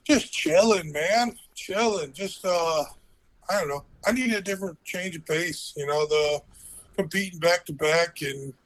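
A man's voice: on the high side, a little slow, a bit bright, low-quality recording. A man chatting casually as a guest calling in, laid-back and laughing often. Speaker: guest on call. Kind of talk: casual chat. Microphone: phone call.

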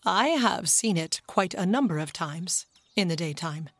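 Good-humored doctor, playful and teasing read by a woman narrator. Low-key storybook voice. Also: animated, measured pace, fairly bright tone, no echo, full character voice. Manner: playful, pleased with himself.

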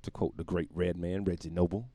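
This podcast host has a low, dark voice and talks fairly quickly in an even tone. He rambles through a profane comedy monologue, laughing at his own jokes, and the recording is dry.

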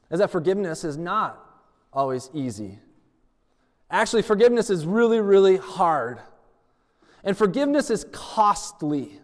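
A male pastor with a high voice preaches a sermon and tells stories, playing out each exchange in its people's voices. His words ring with the long reverb of a large hall. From United States. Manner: storytelling preacher who acts out dialogue.

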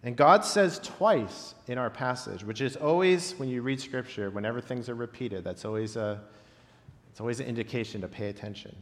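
Male pastor, mid-pitched, unhurried reflective sermon delivery, heard in a big echoing hall. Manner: reflective, with long pauses and softly dropped phrase ends. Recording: long reverb of a large hall.

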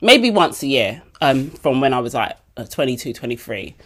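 A woman, hosting her podcast and telling a story casually, chatty and animated as she acts out the dialogue. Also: extremely low pitch, moderate pace, breathy edge. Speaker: podcast host.

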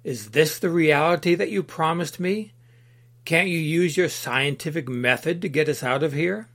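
Man voicing a fussy, agreeable fellow in a storybook reading, mild and quick to complain. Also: fairly high pitch, fairly bright tone, pitched above the performer's own voice. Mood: indignant.

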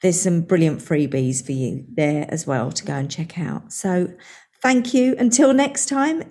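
A woman's voice: lowish voice, animated, a little slow, over music. A woman hosting a podcast, chatting in an upbeat way and laughing a lot. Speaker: podcast host. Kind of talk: casual interview chat.

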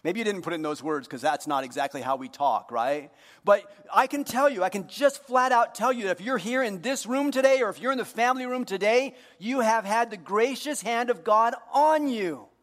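A man preaching a sermon to his congregation, joking with them and moving between hushed earnest moments and loud, playful ones. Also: high voice, a little fast, in a large hall. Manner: jokey, talks directly to the congregation. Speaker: pastor. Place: church hall.

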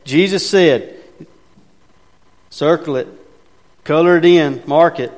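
A pastor delivers his sermon in a fairly high voice, leaning on emphatic, conversational preaching and rhetorical questions. His words ring out with a long reverb that fills the big hall around him. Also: takes it slowly, pauses often, a little mellow.

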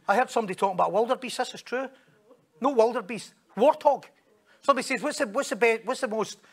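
High gravelly Scottish preacher. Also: male voice, fairly bright tone. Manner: storytelling, joking, acts out quoted voices. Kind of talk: sermon.

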